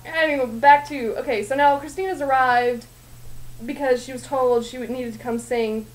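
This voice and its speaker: A woman's voice: high-pitched, fairly even intonation, moderate pace, low-quality recording. A young woman casually and sarcastically recapping a story for her roommates, often laughing and rambling. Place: home at night.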